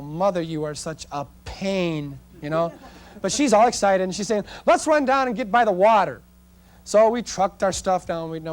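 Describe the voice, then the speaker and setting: At a live seminar, a middle-aged man teaches portrait photography, speaking straight to the audience and sharing chatty, folksy stories about his shoots. His voice is fairly high-pitched with a darkish tone.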